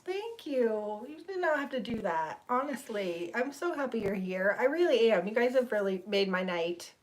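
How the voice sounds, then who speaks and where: A woman's voice: fairly high pitch, big pitch swings, moderate pace, hardly any pauses. A middle-aged woman, chatting casually with viewers on a livestream, rambling and laughing. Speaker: livestream host. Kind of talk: casual chat with live viewers.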